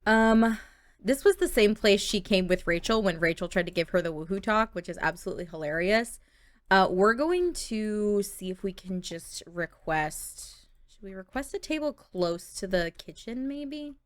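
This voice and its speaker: A woman's voice: medium pitch, animated, normal speed, no room sound. A young woman giving chatty, playful commentary while playing a life-sim game. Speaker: gameplay video host. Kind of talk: casual gameplay commentary.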